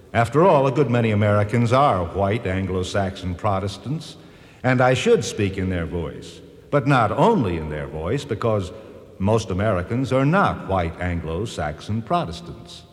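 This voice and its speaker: An actor playing a reflective personification of history, speaking earnestly and gently correcting others. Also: male voice, fairly low pitch. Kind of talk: scripted drama narration. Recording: long reverb.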